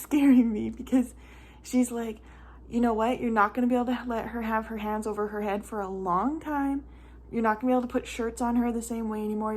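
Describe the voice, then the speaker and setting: A woman's voice: a little high, darkish tone. A young woman and mother telling a casual storytime vlog, chatty and rambling with many "like" fillers, close to tears at times.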